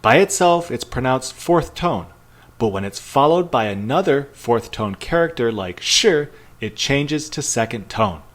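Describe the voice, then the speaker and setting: A man teaching a recorded pre-class lesson, modelling each phrase slowly and repeating it for learners. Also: mid-range voice, expressive. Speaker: language teacher. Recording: roomy echo.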